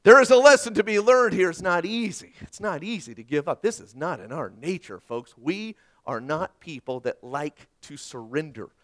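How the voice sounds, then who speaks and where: A male pastor giving an earnest sermon, asking rhetorical questions and swinging between loud and soft. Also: fairly high pitch, animated, normal speed, few pauses.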